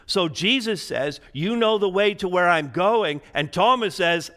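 Male pastor mid-sermon, fairly high voice, dynamic delivery from hushed to urgent. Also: expressive, measured pace, hardly any pauses. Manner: swings between quiet, low emphasis and rising, urgent intensity. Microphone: preaching to a live congregation, also streamed online.

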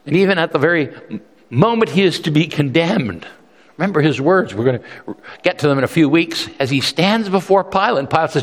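A man's voice: on the high side, expressive, a little fast. A male pastor preaching a sermon in an earnest, emphatic way, often repeating words as he restarts. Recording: long reverb from a large hall.

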